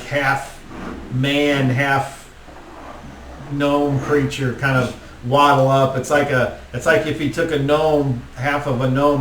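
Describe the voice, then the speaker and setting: Laid back guy game-mastering, slow rambly talk, far from the mic, faint hiss. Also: fairly high pitch. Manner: casual, rambling, full of "like". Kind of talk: narrating a tabletop game. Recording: roomy, distant mic, faint noise.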